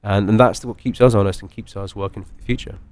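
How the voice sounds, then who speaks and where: Fast-talking man with a light Scottish accent. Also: on the low side, steady tone, a little mellow, slight background noise. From Scotland. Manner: chatty, rambling with many fillers and restarts. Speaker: master distiller. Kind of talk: casual podcast interview.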